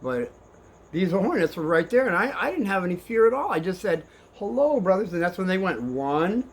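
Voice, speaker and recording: An older man telling kids a story in a rambling, animated way, swinging between hushed and excited. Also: high-pitched, brisk.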